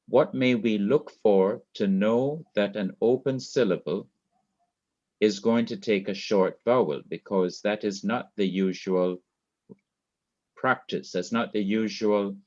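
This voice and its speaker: A man teaching a Hebrew grammar class, explaining slowly and repeating key points. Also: on the low side, highs cut off. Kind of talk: online classroom lecture. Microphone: laptop mic.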